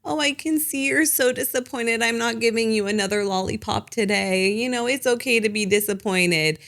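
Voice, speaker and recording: A woman voicing a gentle parent talking softly and soothingly to a small child, in a singsong, coaxing way. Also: on the high side, normal speed, pitched above the performer's own voice.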